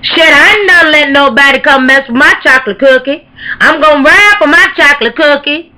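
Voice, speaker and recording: Brash, bright-voiced woman telling a story. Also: high-pitched, brisk, poor audio. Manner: brash, profane, animated gossiping. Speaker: comic storyteller. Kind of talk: comedic storytelling vlog.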